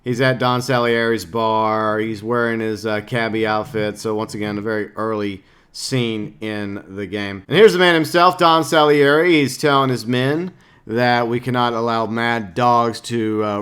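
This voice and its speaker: A man's voice: fairly low pitch, fairly even intonation, measured pace, fairly bright tone, clear, resonant tone. A man, a gaming YouTuber, casually breaking down a game trailer with jokes and lots of filler words. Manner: rambling, joking, lots of fillers.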